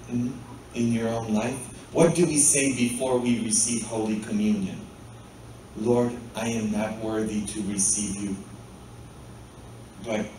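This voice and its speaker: Male pastor, slow-paced sermon, heard from a distance in a very reverberant church. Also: mid-range voice, darkish tone, a little hiss or hum. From Poland. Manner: asks the congregation frequent rhetorical "hmm?" questions. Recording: very echoey church, mic far off.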